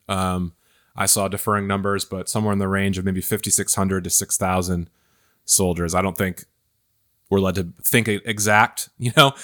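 A male pastor hosts a casual scripture discussion. His voice sits on the low side, and he muses through his points with frequent pauses and restarts. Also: fairly bright tone. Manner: thoughtful, hesitant, many fillers and restarts. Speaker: pastor hosting a Bible study podcast.

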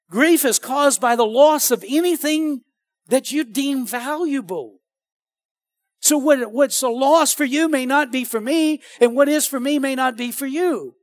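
High-voiced preacher, dry mic. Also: male voice, no room sound. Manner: animated, calls out to the congregation. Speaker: pastor. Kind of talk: sermon.

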